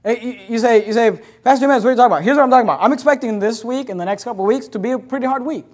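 A man preaching a sermon as pastor, emphatic and repetitive, swinging between loud declarations and hushed asides. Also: very high voice, racing. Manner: emphatic preaching with repeated phrases.

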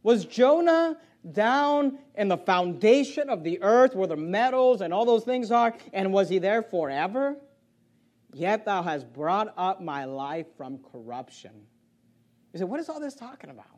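High-voiced preacher with big swings. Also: male voice, animated, unhurried. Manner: preaching with loud swells and drops, reading scripture aloud. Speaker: pastor. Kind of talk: sermon.

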